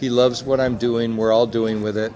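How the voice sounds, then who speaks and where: A man's voice: medium pitch, moderate pace. Man in a noisy convention crowd. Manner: chatty, anecdotal, quotes others with lively voices. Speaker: executive producer and director. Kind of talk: convention press interview. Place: busy convention hall. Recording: crowd noise behind. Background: loud crowd chatter.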